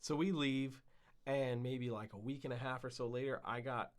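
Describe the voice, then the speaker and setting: A man co-hosting a casual podcast, spinning a long anecdote. He rambles, fills gaps with "like" and "uh," and swears freely. His voice sits at a middling pitch. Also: fairly even intonation, moderate pace. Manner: rambling, frequent fillers and swearing. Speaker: podcast co-host. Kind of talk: casual storytelling chat.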